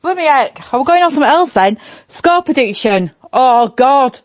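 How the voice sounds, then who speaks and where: A woman's voice: sits high, lively intonation, moderate pace, dry recording. A woman with a Yorkshire accent, chatting bluntly and casually as a podcast co-host. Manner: blunt, exclaiming, mock-reluctant. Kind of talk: casual chat.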